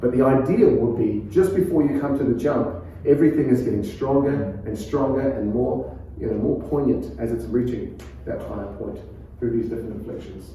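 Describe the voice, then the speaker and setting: Kiwi male pastor teaching preaching, calm and chatty, mellow tone, picked up from a distance in an echoey church hall. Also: medium pitch, moderate pace, hardly any pauses, slight background noise. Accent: New Zealand. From New Zealand. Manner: calm, conversational, laughs often. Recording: echoey room, far from mic.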